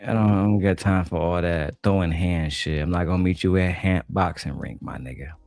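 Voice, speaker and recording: A man's voice: low voice, fairly quick, vocal fry, darkish tone, no room sound, studio quality, faint music behind. A man from Detroit doing blunt, profane, slang-heavy reaction commentary. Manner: blunt, trash-talking, slangy. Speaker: commentator reacting to a panel clip.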